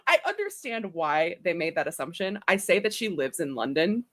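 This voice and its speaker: A woman's voice: on the low side, very animated, moderate pace, fairly bright tone. A young woman hosting a casual chat stream, rambling in a chatty way and laughing often. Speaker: author and livestream host.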